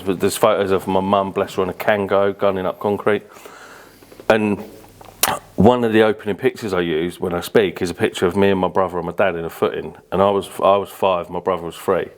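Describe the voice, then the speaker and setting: A man's voice: sits low, fairly even intonation, fairly quick. A British man from Birmingham, a podcast guest telling rambling stories with lots of fillers and casual swearing. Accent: British English. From Birmingham, England. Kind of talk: casual interview storytelling.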